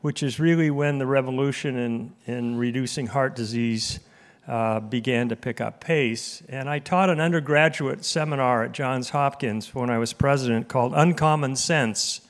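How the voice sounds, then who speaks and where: A man's voice: medium pitch, moderate pace. Older man telling a story at a podium. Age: 70s. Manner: relaxed storyteller, self-deprecating humor. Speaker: guest speaker, emeritus professor. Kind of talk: conference talk with humorous anecdote. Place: auditorium before a live audience.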